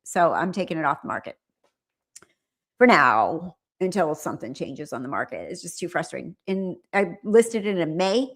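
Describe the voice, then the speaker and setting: A middle-aged woman from California hosts a live stream in a loose, chatty way. Her voice sits a little low, and she rambles from one thought to the next with easy laughs. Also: animated, normal speed. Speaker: livestream host. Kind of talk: casual live chat.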